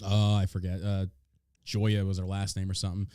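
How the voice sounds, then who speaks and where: A man from the United States hosting a podcast, ranting in a crude, mocking, animated way about politics. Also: low voice, fairly quick, clear, resonant tone, no echo, studio quality. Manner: animated, crude, mocking, puts on silly voices for others. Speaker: podcast host. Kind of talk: profane political podcast rant.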